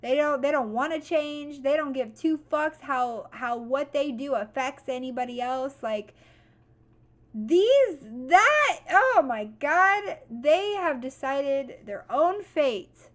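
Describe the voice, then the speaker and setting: A young woman with a high voice speaks straight to her viewers in a motivational vlog. She is blunt and profane, and she moves between calm advice and loud, heated venting. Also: slow pace. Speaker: vlogger. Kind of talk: motivational talk to camera.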